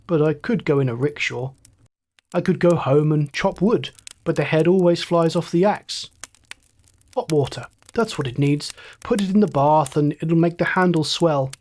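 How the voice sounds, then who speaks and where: A man's voice: a little high, a little mellow, lightly acted. A man voicing a wounded young fighter pilot thinking aloud, in a light, musing inner monologue.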